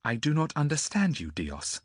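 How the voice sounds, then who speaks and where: A man voicing a calm, composed noblewoman in an audiobook, speaking in a measured way. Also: a little high, slightly rough, no echo, studio quality, pitched above the performer's own voice, exaggerated voice.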